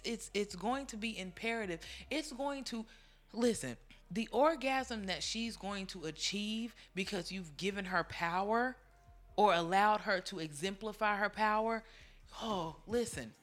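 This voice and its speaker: A woman's voice: mid-range voice, unhurried. A young woman co-hosting a casual, frank chat, talking animatedly and acting out what partners say. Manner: animated, acts out quoted partners. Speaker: podcast co-host.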